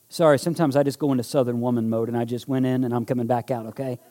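A man's voice: medium pitch, fairly even intonation, racing, hardly any pauses, mellow. A male pastor preaching a sermon. He builds to fervent, emphatic repetition and leads the congregation in call-and-response.

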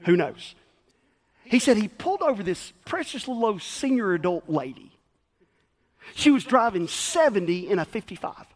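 A folksy pastor, a man with a fairly high voice, preaching in a storytelling sermon. He is animated and acts out the people he quotes. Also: normal speed.

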